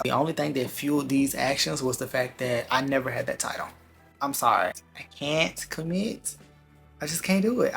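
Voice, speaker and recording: A man vlogger telling a personal story in a candid, slangy, animated way. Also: mid-range voice, gravelly, breathy edge. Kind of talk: casual storytime vlog.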